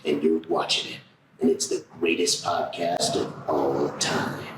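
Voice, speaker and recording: A man doing a booming movie trailer voice. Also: little pitch movement, reverberant, heavy background noise. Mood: dramatic. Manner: slow, deep and dramatic. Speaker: guest, prankster and voice actor.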